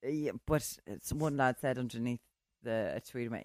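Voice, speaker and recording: A woman co-hosting a podcast in casual chat, animated and mocking as she acts out quotes. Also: rumbling low, a little fast, no echo, clean studio sound. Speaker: podcast co-host.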